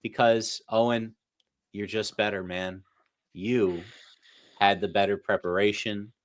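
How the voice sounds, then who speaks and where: A man's voice: fairly low pitch, fairly even intonation, a little slow. A man hosting a casual sports talk show, playful and hyped, with mock-grand praise. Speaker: host.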